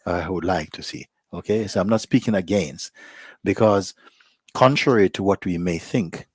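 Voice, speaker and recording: A man as a spiritual teacher, giving a reflective, unhurried satsang talk to a live gathering and often softening almost to a whisper. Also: deep voice, breathy edge, dry recording, clean studio sound.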